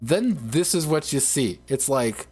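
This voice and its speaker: A man's voice: medium pitch, expressive, measured pace, darkish tone, breathy edge, soft background music. A man streaming, ranting casually in a sarcastic, profane way, rambling with frequent restarts.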